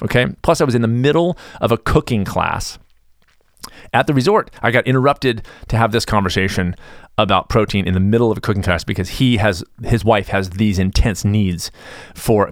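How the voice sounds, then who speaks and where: Fast-talking, exasperated man podcaster. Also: on the low side, dry recording, clean studio sound. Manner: rambling, exasperated, many restarts. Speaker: podcast host. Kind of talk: casual monologue.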